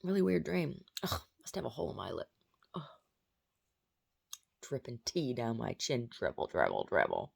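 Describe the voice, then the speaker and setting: A woman's voice: a bass voice, sing-song, moderate pace, gravelly, long pauses, darkish tone, slightly rough. A woman telling about a strange dream in a casual vlog, rambling with many fillers and restarts. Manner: baby talk to her pet dog. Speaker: vlogger.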